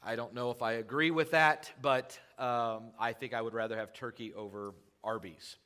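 A male pastor preaching a sermon in a church, talking to the congregation in casual asides and rising loud when he quotes scripture. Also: mid-range voice, fairly even intonation, moderate pace, clean tone.

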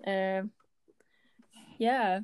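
A woman's voice: medium pitch, steady tone, very slow, a little mellow, smooth, dry recording, studio quality. A woman in her twenties from Yorkshire, a student chatting as an interview guest, with frequent ums and easy laughter. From Yorkshire, England. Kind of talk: casual interview chat.

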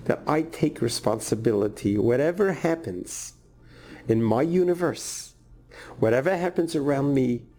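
A man voicing a humble restaurant manager who apologizes softly and speaks earnestly. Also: medium pitch, animated, measured pace, close to an everyday voice. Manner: soft, contrite, earnest.

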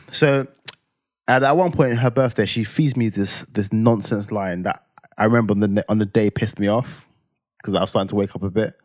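A young man tells a story with a low voice and a dramatic, animated delivery full of slang tags. The sound is close and dry, with no room around it. It plays as casual podcast talk. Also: normal speed, dry recording. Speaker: podcast co-host.

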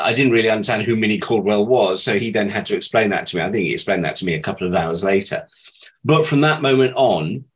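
Chatty, lower-pitched man telling showbiz stories. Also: a bit bright, low-quality recording. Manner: chatty, amused, with frequent restarts and laughter in his telling. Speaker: former child actor recalling his career. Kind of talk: anecdotal interview storytelling.

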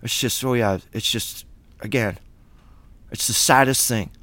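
A man's voice: mid-range voice, a little slow, sharp tone, no room sound. A man hosting a Bible study, preaching in a blunt, fiery, plain-spoken way.

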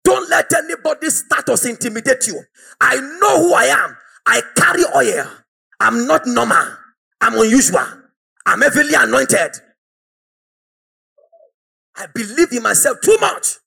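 High-pitched fiery preacher man. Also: lively intonation, measured pace, vocal fry, pauses often, slightly rough. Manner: fiery, exhorting, often shouting. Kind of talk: sermon.

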